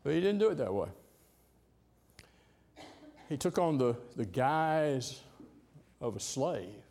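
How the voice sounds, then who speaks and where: A man's voice: medium pitch, a little mellow. A man preaching a sermon, telling the story conversationally with hesitant fillers.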